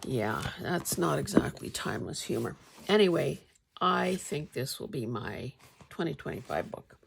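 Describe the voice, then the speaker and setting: A woman vlogger chatting casually about her finds in a wry, meandering way, often clearing her throat. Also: low voice, very animated, moderate pace, noisy background. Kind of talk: casual show-and-tell chat.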